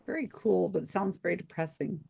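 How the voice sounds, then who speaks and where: A woman hosting an online trivia game, chatting casually over a video call with quick asides. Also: lowish voice, creaky, warm tone, husky. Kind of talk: casual chat.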